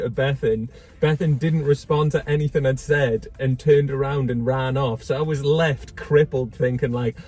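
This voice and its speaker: Wry young man, husky voice. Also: medium pitch, steady tone, brisk, few pauses, dark tone. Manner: dry, wry, self-mocking. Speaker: co-host of a couple's channel. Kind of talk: casual storytelling chat.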